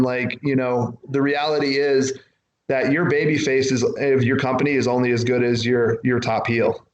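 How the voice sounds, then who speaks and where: A man's voice: medium pitch, roomy sound, low-quality recording. A man being interviewed, telling long rambling stories and acting out what others said to him. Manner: rambling, acts out quotes from others. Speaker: wrestler guest. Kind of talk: casual interview storytelling.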